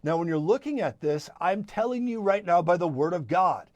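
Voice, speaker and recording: Fervent, higher-voiced male broadcast preacher. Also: lively intonation, no room sound, dull audio. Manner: fervent, emphatic, with quick asides and repetitions. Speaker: prophetic minister and broadcast host.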